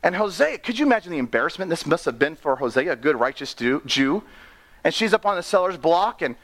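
A man preaching an animated sermon, often laughing and acting out the people in his story. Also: fairly high pitch, fast talker. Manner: excitable, laughs often, acts out characters.

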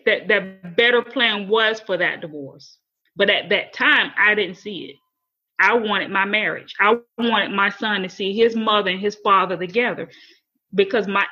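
An earnest woman with a drawl tells her personal testimony, halting and repeating herself as she goes. Her voice is bright and forward. The recording sounds a little dull and muffled. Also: medium pitch. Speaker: guest sharing testimony.

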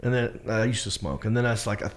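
A man's voice: fairly low pitch, fast talker. A man, a stand-up comedian, telling a story on a podcast and acting out his own lines in a raised voice. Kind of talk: animated storytelling.

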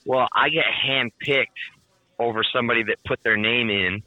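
Excitable, swearing man telling a story. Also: mid-range voice, normal speed, dry recording, lo-fi sound. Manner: excitable, swears constantly, "like"-heavy chatter. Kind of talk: casual storytelling.

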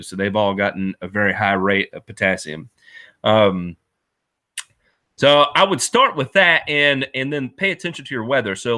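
Bright-voiced man hosting a chatty lawn show. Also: medium pitch. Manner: chatty and self-deprecating, many fillers. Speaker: lawn care show host answering viewer chat. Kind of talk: casual live-stream chat. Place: Knoxville area.

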